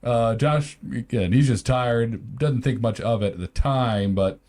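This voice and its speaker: A man's voice: mid-range voice, measured pace, darkish tone. A man co-hosting a podcast, improvising a story with many fillers and restarts. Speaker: podcast co-host.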